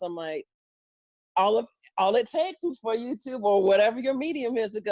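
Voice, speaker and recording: A woman's voice: medium pitch, a little fast, no echo. A middle-aged woman, an interview guest and comedian, telling stories animatedly, acting out voices and laughing often. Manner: lively, acts out voices and quotes, laughs often. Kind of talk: animated storytelling chat.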